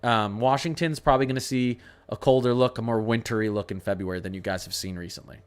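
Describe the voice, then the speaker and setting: A man's voice: fairly low pitch, fairly even intonation, fast talker. A young man hosting a casual weather stream, answering viewer questions and rambling through model charts, often repeating himself. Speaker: weather channel host. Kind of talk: casual livestream weather talk.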